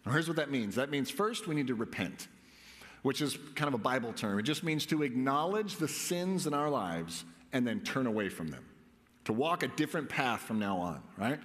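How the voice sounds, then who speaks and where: A pastor delivers a sermon conversationally, often putting questions to his congregation. His mid-range voice is very animated and a bit bright, at normal speed. A long reverb tail trails his words.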